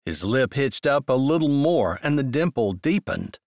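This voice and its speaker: A man narrating a romance novel in an expressive, unhurried storytelling manner, close on the mic. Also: mid-range voice, no room sound. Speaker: audiobook narrator. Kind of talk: scripted narration.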